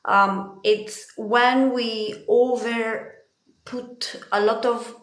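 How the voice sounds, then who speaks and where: Slow-talking woman doing card readings. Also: a little high, steady tone. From Italy. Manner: chatty, swears freely, laughs often. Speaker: tarot card reader. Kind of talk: casual spiritual card reading. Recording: echoey room.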